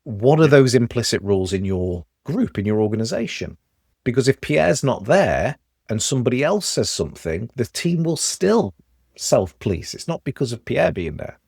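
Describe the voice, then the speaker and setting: A man with a Stoke Midlands accent, a podcast guest telling lively examples in casual conversation. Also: mid-range voice, normal speed, creaky, breathy edge, no echo, clean studio sound. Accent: Stoke, English Midlands.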